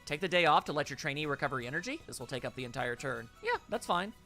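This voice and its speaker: Let's play streamer, sarcastic and jokey, bright voice, faint game music behind. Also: medium pitch, big pitch swings, fast. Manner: sarcastic, jokey, loud bursts.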